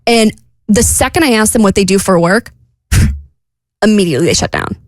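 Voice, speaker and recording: A woman's voice: medium pitch, animated, a little fast, no echo. A woman co-hosting a radio show, casually telling a story with lots of laughter and acted-out dialogue.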